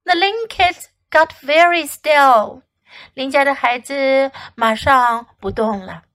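A woman English teacher reading a children's storybook aloud in two languages, slow and expressive. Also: high-pitched.

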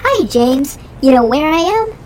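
A woman's voice: sits high, sing-song, a little slow, very noisy. A woman playing a chatty young traveler who borrows a stranger's phone, talking eagerly.

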